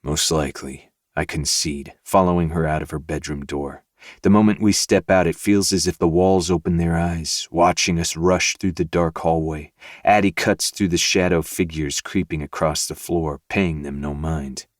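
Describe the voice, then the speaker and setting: Brief: very deep male narrator, dry close recording, steady audiobook read. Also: moderate pace, no room sound. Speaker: podcast host reading a novel aloud. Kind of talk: first-person audiobook narration.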